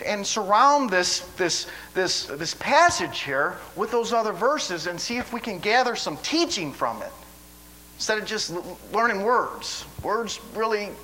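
A man delivering a sermon in a high, bright voice. He talks in a folksy, rambling way, repeating words as he restarts his sentences. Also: poor audio. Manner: stammering restarts, folksy asides. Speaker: preacher.

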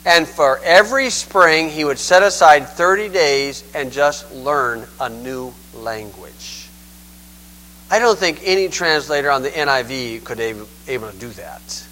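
A man's voice: a little high, expressive, a little slow, bright, forceful tone, low-quality recording. A man giving a conversational Bible teaching, folksy and digressive, often saying "okay".

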